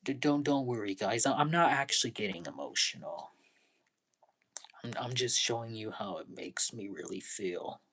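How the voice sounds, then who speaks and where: A young man talking in a casual vlog monologue, halting and repeating his words, earnest and pleading, often dropping into breathy half-whispers. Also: mid-range voice, animated, a bit bright. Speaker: vlogger.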